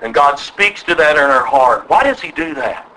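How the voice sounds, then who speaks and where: A man's voice: fairly high pitch, lively intonation, normal speed, pushed and bright, a little hiss or hum, poor audio. An older man preaching a sermon, emphatic and drawing call-and-response from his listeners. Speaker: pastor.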